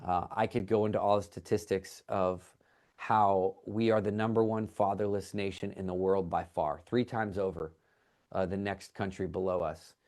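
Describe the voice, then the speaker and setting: A man giving a casual livestream update for his ministry, talking excitedly, rambling and restarting his sentences. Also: sits low, normal speed. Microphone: call or livestream setup.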